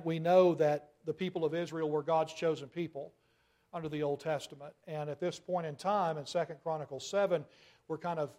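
A male preacher delivering a sermon in a high voice. He keeps asking rhetorical questions and leans hard on his key words, getting louder on them. His tone is emphatic and insistent.

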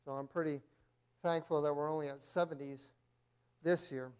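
High-voiced male Bible class teacher who often clears his throat. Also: steady tone, moderate pace, darkish tone. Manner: frequent throat clearing, reads aloud from notes. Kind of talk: church Bible lesson.

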